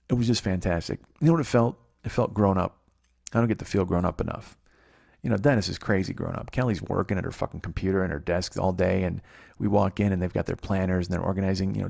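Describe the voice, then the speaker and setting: A man's voice: deep voice, gravelly, darkish tone, breathy edge. A man in his forties hosting a podcast, telling a rambling, profane comic story that keeps losing track. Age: 40s. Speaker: podcast host.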